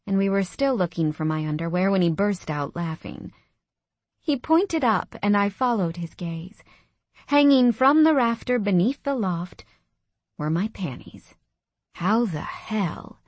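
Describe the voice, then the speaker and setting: A woman's voice: mid-range voice, very animated, unhurried, dry recording. Woman narrating a romance audiobook. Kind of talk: first-person romance narration.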